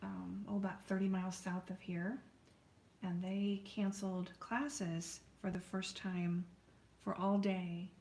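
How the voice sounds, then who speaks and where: A woman's voice: medium pitch, flat delivery, slow pace, darkish tone, echoey room, a little hiss or hum. An American woman hosting a live painting stream from her art studio, chatting and rambling in a friendly way to viewers as she paints. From United States.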